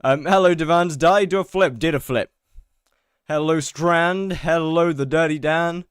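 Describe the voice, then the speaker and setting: Young male streamer, high pitch, casual self-mocking chat with viewers. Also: unhurried, clear, resonant tone, no echo, studio quality. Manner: chatty, greets chat by name, self-mocking. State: out of breath.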